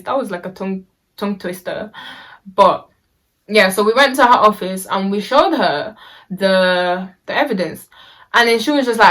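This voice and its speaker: A woman's voice: medium pitch, normal speed, fairly bright tone. Young woman for a casual storytime vlog: chatty and slangy, full of fillers and restarts.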